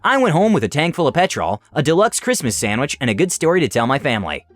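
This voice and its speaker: A man narrating online stories in an animated, scripted way. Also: a little high, fast, no echo, faint music behind. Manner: animated storytelling.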